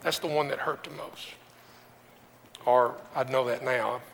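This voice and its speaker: Gravelly pastor preaching in an echoing hall. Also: male voice, medium pitch, fairly even intonation, unhurried, a bit bright, a little hiss or hum. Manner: conversational, with restarts and rhetorical questions. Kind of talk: sermon with personal story. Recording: long hall reverb.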